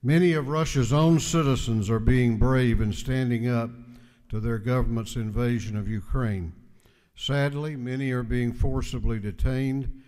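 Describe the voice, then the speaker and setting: A man giving a measured, deliberate floor speech as speaker of a legislative house. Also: mid-range voice, darkish tone. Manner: measured, deliberate oratory with emphatic repetition. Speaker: house speaker presenting a resolution. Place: large legislative chamber. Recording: long hall reverb in a chamber.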